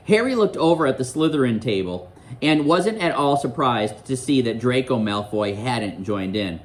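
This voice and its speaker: A man's voice: medium pitch, lively intonation, normal speed. A male teacher reading a novel aloud to his class, quizzing students and explaining the story in a classroom.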